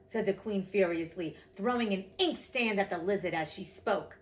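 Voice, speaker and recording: A woman's voice: mid-range voice, normal speed, hardly any pauses, low-quality recording. A woman reading a classic storybook aloud, with chatty, emotional asides to listeners. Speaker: reader of classic books.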